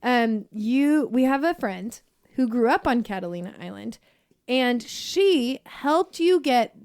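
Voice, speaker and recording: A woman co-hosting a podcast, playful and quick to laugh as she chats. Her voice is high, and the recording is close and dry with no room echo. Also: animated, a little mellow. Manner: giggly, playful. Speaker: podcast co-host. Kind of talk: casual chat.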